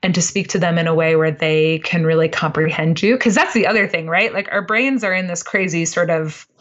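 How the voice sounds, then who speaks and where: A woman joins a podcast as a guest and talks earnestly, full of feeling. Her voice sits a little low for a woman, and it comes through dull and lo-fi. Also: a little fast. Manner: earnest and expressive, many "like" fillers. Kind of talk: casual conversation.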